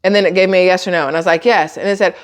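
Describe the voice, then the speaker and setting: A woman's voice: fairly low pitch, steady tone, racing. A woman telling a story to her viewers in a casual, exasperated, sarcastic tone, swearing now and then. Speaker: YouTuber.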